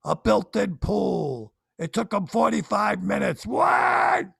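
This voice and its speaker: A man's voice: sits high, expressive, unhurried, vocal fry, fairly bright tone, slightly rough, no room sound, studio quality, heavily acted. A man voicing a grumpy suburban guy ranting about his handy neighbor, exasperated. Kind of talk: stand-up style comic rant.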